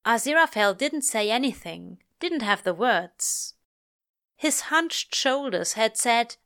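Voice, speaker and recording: A woman reading fiction aloud in a measured, lyrical way. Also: on the high side, animated, fairly bright tone, smooth. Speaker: reader. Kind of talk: audiobook-style fiction reading.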